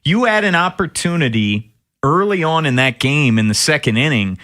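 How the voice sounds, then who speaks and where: Bright-voiced sports radio host. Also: male voice, a little high, expressive, moderate pace. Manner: emphatic, restarts sentences when building a point.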